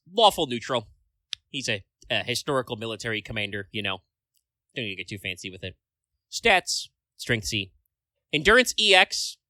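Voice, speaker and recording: A man's voice: fairly low pitch, bright, forceful tone, no room sound. A man co-hosting a casual podcast chat, rambling along with lots of filler words and casual swearing. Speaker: podcast co-host.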